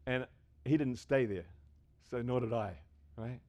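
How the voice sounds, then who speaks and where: A middle-aged man preaching a sermon, swinging between loud emphasis and hushed asides, with restarts and rhetorical questions. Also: mid-range voice, a little slow. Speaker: pastor.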